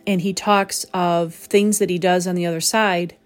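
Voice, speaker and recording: A woman hosting a reflective spoken talk as a medium, gentle and pausing to search for the right words. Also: fairly low pitch, steady tone, faint music behind. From southern New England. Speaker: psychic medium, host.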